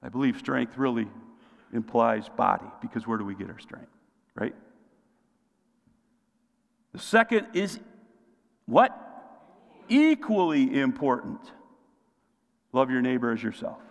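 Gravelly pastor preaching in a reverberant hall. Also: male voice, medium pitch, lively intonation, slow, long pauses. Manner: preaching with call-and-response questions to the congregation. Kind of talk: sermon. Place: church sanctuary. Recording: long reverb of a large hall.

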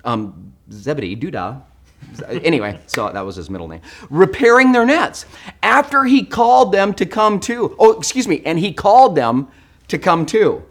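Lively, joking man preaching a sermon. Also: fairly high pitch, normal speed. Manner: animated and joking, swinging between loud and hushed. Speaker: pastor. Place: church.

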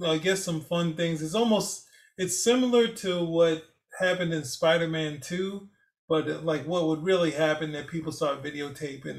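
A man's voice: a little high, vocal fry. A man co-hosting a casual film review show, easygoing and laughing as he talks.

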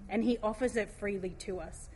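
A woman giving a heartfelt devotional talk, reading scripture aloud slowly and gently. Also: mid-range voice, steady tone, slight background noise.

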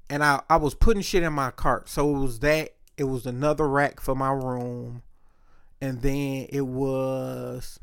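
A man's voice: medium pitch, fairly bright tone. A man talking in a casual monologue, rambling, profane and often interrupting himself.

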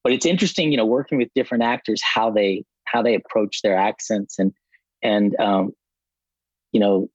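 A man guesting on a podcast as a film director, telling relaxed, reflective stories. His voice is on the low side for a man. The recording is dry and a little dull and lo-fi. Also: moderate pace, no echo. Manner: relaxed, reflective, many fillers. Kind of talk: casual interview chat.

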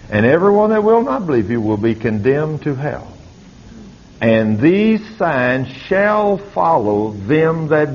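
A man's voice: medium pitch, a little mellow, a little hiss or hum. An older man preaching a fervent sermon, his voice climbing as he exhorts. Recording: slightly dull lo-fi recording.

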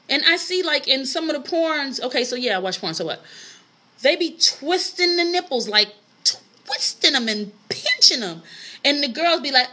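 A woman's voice: high voice, big pitch swings, normal speed, pushed and bright. A woman hosting a casual solo podcast, ranting bluntly and profanely with frequent laughter and disbelief. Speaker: podcast host.

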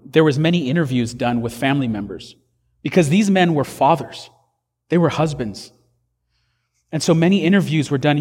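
A man's voice: a little high, in a large hall. A man preaching a sermon as pastor, earnest and conversational, with fillers and restarts.

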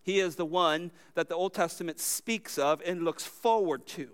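A man preaching a sermon as pastor, emphatic, asking his listeners questions and answering them himself, his voice swinging from loud, high lines to low, quiet ones. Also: moderate pace, smooth.

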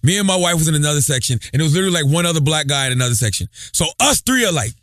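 A man's voice: a little high, lively intonation, very fast, fairly bright tone, dry recording, studio quality. A man co-hosting a podcast, telling stories with emphasis and reading ads. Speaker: podcast co-host. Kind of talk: casual podcast chat and ad reads.

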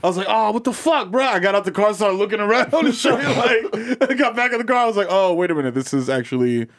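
A man's voice: high voice, expressive, quick pace, fairly bright tone, no echo, clean studio sound. A young man co-hosting a casual comedy podcast, telling profane, slang-heavy stories and acting out voices. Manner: storytelling, profane, acts out voices. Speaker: podcast co-host.

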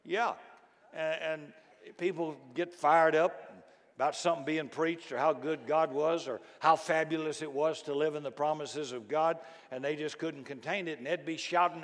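A middle-aged pastor preaching in a church, his fairly high voice ringing out with a long hall reverb. He swings from booming, shouted emphasis down to hushed, low asides. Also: measured pace, some chatter behind. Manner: dynamic preaching, bursts into loud emphatic shouts then drops low. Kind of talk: sermon. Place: church sanctuary.

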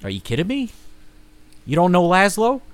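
A man's voice: sits high, wildly swooping pitch, normal speed, no echo. A man voicing a clunky, waddling metal robot man who is boastful and self-important during a tabletop role-play. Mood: indignant.

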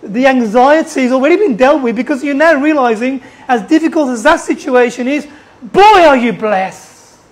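A preacher giving a sermon in an animated way, putting many questions to the listeners and often repeating and restarting phrases. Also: high-pitched, fairly quick, few pauses, low-quality recording.

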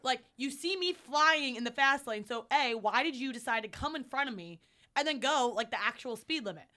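Fast-talking, bright-voiced woman co-host. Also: high voice, lively intonation. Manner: quick, fired-up, competitive storyteller. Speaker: podcast co-host. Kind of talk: casual chat.

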